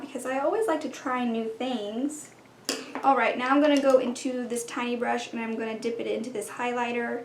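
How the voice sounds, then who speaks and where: High-voiced woman chatting through her makeup. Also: roomy sound, slight background noise. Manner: chatty, narrating each step, with whispered asides. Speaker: beauty vlogger. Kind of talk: casual makeup tutorial chat. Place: home room.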